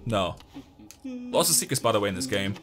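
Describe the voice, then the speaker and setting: A young man giving excitable, joking let's-play commentary while he talks to the game. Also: lowish voice, moderate pace. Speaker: gaming YouTuber.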